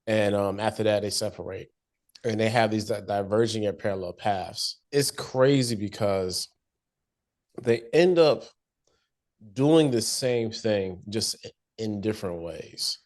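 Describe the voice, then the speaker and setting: A man's voice: on the low side, a little slow, darkish tone. A man in casual chat, recapping a TV episode in loose slang and acting out the characters' lines. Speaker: podcast co-host.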